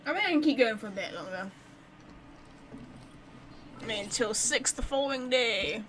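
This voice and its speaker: A woman's voice: a little high, expressive, moderate pace, fairly bright tone, a little hiss or hum, poor audio. A woman giving casual, playful commentary while playing a game, chatty and full of fillers. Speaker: game streamer.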